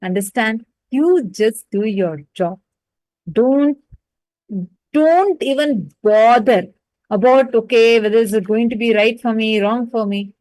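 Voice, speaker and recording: Brief: woman teacher, lively devotional storytelling, fairly high voice, dry close sound. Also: slow, dry recording, rough recording. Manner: animated, hesitant fillers, addresses listeners directly. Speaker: spiritual teacher.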